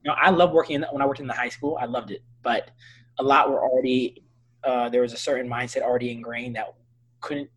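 A man in his thirties, a doctor, talking earnestly in a casual interview and telling animated stories with frequent restarts. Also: medium pitch, quick pace, breathy edge, poor audio. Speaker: physician and interview guest.

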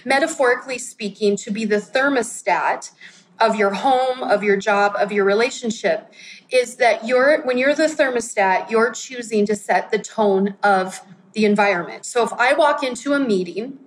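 A woman's voice: fairly high pitch, moderate pace, poor audio. A woman in her forties giving a candid, conversational sermon and acting out her own quotes. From United States. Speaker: pastor.

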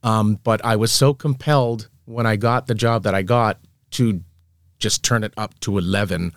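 A man's voice: fairly low pitch, fairly even intonation, normal speed, no room sound, studio quality. A man, an animation artist, in casual chat, rambling and joking at his own expense, with some swearing. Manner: rambling, self-deprecating, profane storytelling.

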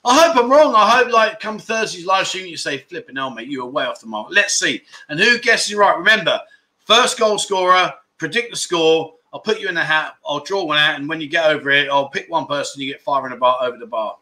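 A man's voice: on the high side, brisk, sharp tone. A middle-aged man hosting a casual livestream chat show, reading out viewer comments with jokey, self-mocking banter.

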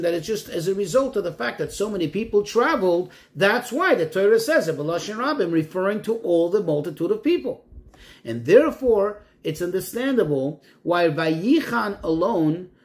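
A man, a rabbi, teaching a Torah lesson, posing questions and quoting Hebrew verses before translating them. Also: high-pitched. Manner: animated, rising and falling emphasis.

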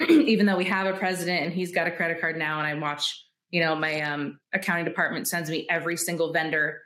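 Animated woman telling stories in an echoey room. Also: low-pitched, a little fast. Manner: animated, acts out quoted dialogue, laughs often. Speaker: guest entrepreneur. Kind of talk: candid storytelling interview.

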